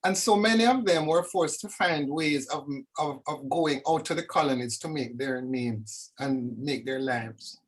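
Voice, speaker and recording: Animated woman, reflective talk. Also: sits low, unhurried, few pauses, breathy edge. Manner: animated, lively storyteller with dramatic asides. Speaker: discussion guest. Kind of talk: reflective conversation.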